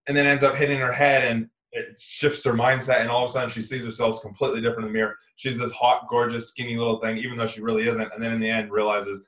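A man's voice: lowish voice, a bit bright. A man co-hosting a casual podcast conversation, talking in an earnest, rambling way and often correcting himself mid-sentence. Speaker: podcast co-host. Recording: roomy echoey room.

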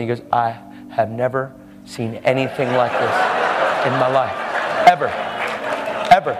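A man's voice: medium pitch, darkish tone, long reverb tail. A man preaching a sermon, telling a story and acting out the lines of the people in it.

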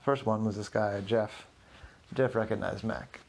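A man spinning a story aloud in an easygoing, informal way. His voice sits in the middle range with a noticeable gravelly fry. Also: lowish voice, measured pace, a little hiss or hum. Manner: relaxed, informal narration.

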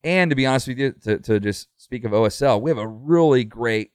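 A man's voice: medium pitch, fairly quick, darkish tone, clear, resonant tone, no echo, studio quality. A middle-aged man, a pastor, talking earnestly in a casual podcast conversation, full of fillers and restarts.

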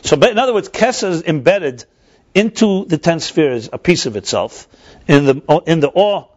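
Man lecturing in a dull lo-fi recording. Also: on the high side. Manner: thinks aloud with frequent restarts; explanatory, asks and answers himself. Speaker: teacher. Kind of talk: text-study class lecture.

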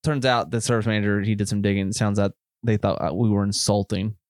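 A man's voice: lowish voice, fairly even intonation, fast, dry recording, studio quality. Laid-back Southern man hosting a podcast. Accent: Southern US country. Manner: laid-back, rambling, says bro and man. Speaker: podcast co-host. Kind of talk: casual chat.

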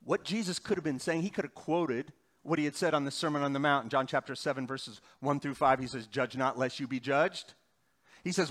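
A middle-aged man with a mid-range voice preaches a sermon as a pastor. He alternates between loud, emphatic bursts and quiet, slow stretches.

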